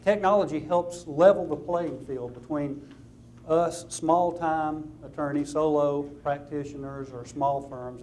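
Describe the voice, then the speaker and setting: A man's voice: on the high side, dark tone. Southern male attorney presenting at a seminar; easygoing, practical, light faint hiss. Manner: conversational, practical, with light anecdotes. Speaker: attorney giving a seminar talk. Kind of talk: conference presentation to lawyers.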